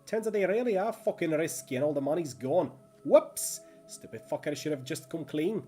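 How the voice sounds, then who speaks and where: A man's voice: mid-range voice, normal speed, a little mellow, soft background music, lightly acted. A man voicing a wiry, crude and menacing small-time thug with a Dublin accent. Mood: sneering, menacing. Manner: crude, swaggering, sneering.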